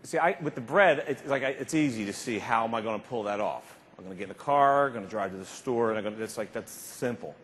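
A middle-aged man giving an animated, emphatic motivational keynote speech, acting out little scenes along the way. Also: medium pitch, quick pace, hardly any pauses. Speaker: keynote speaker. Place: large convention hall. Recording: reverberant hall, faint background noise.

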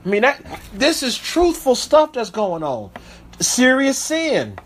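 A man's voice: very high-pitched, very animated, unhurried. A man preaching as a pastor, reading Bible verses aloud and breaking off to comment with emphatic asides. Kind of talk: sermon with scripture reading.

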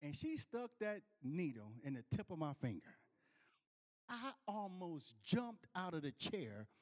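High-voiced male preacher, repeating himself. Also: big pitch swings, unhurried. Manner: repetitive restarts, calls out to the congregation. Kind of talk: storytelling sermon.

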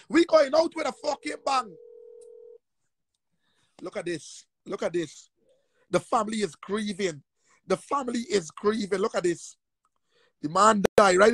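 A man on a heated livestream rant, angry, profane and repetitive, often shouting. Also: very high voice, no echo.

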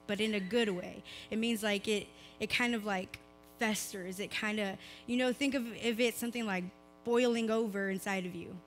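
A young woman, preaching a casual youth sermon in a slightly hoarse voice, chatty and full of "like" fillers. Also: medium pitch, fairly bright tone. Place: church service, recorded live.

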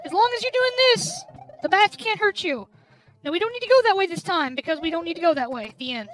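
A woman host playing a video game while drinking, swearing loudly at the game and muttering complaints between outbursts. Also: very high voice, animated, a little fast. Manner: loud cursing outbursts at the game; grumbling under her breath between outbursts. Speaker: gaming channel host. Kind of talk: let's play commentary while drinking. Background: game music.

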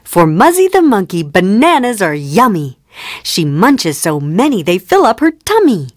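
A woman reading children's phonics rhymes in a slow storybook manner, acting out the letter sounds. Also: mid-range voice, sing-song, dry recording, studio quality, faint music behind. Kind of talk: scripted narration for children.

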